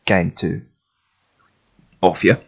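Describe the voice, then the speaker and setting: A man playing a caught henchman who stammers out excuses, defensive and jittery. The voice is low and a bit gravelly, with occasional fry. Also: fairly even intonation, extremely slow, exaggerated voice. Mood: nervous. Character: captured adult male thug, nervous.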